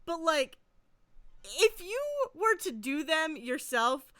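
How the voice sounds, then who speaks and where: A woman co-hosting a podcast, telling a story in a casual, animated way and laughing often. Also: high voice, takes it slowly, no echo, clean studio sound. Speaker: podcast co-host. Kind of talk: casual chat. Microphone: podcast mic.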